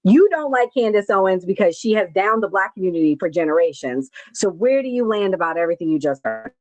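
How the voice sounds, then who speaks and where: A woman hosting a panel talk show, briskly moving the talk along and posing questions. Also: medium pitch, animated, darkish tone, no echo, soft background music, poor audio. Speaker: host.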